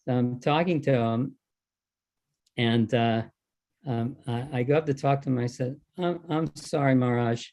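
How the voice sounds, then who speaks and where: An older man recounting an old episode with animated storytelling. His pitch sits at an ordinary middle level, and he acts out the back-and-forth between people as he goes. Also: unhurried, long pauses. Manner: animated storytelling, acting out quoted exchanges. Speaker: devotee recalling service. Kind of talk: anecdotal talk at a reunion.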